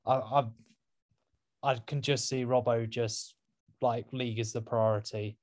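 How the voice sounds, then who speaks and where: A man's voice: medium pitch, fairly even intonation, unhurried. A man guesting on a fan podcast, hesitant with fillers in casual football chat, often trailing off.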